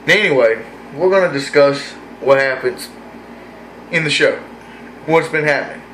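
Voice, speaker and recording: A man rambling through an opinionated, excitable casual review of a wrestling show. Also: on the high side, moderate pace, roomy sound, slight background noise. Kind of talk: casual solo review vlog.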